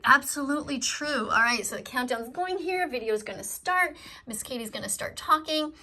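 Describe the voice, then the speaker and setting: Bright, earnest woman pleading with viewers. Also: fairly high pitch. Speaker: vegan activist reading live-stream comments. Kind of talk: casual live-stream chat.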